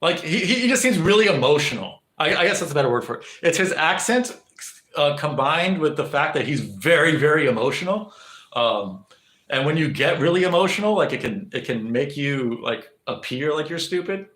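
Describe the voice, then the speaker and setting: A man's voice: on the high side, lively intonation, brisk, a bit bright, roomy sound. A young man streaming live, rambling to his chat with lots of swearing, fillers and restarts. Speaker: livestreamer.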